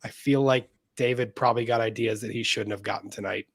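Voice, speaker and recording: A man's voice: lowish voice, fairly even intonation, fairly quick, no room sound, clean studio sound. A man co-hosting a casual livestream, reading viewer comments aloud and laughing often. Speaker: co-host reading super chats.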